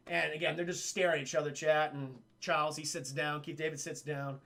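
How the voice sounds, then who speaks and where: High, bright-voiced excitable male streamer. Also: fairly quick, creaky, hardly any pauses. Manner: excitable, profane retelling that often addresses the chat. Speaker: livestream film reviewer. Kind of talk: casual livestream film recap.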